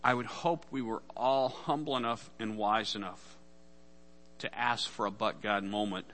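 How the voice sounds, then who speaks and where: A man's voice: lowish voice, steady tone, measured pace, a bit bright. A man preaching a sermon as pastor, casual and conversational, acting out the voices in Bible stories.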